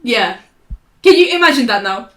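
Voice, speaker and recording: A woman's voice: fairly high pitch, lively intonation, normal speed, pushed and bright. A young woman, telling stories in a casual podcast chat, rambling, restarting and laughing often. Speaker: podcast co-host. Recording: roomy echo.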